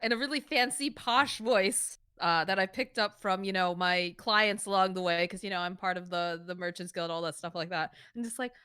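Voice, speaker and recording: A woman's voice: mid-range voice, moderate pace, few pauses, sharp tone, smooth, no echo, clean studio sound. A woman playing at a tabletop game, chatting casually and animatedly. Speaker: player.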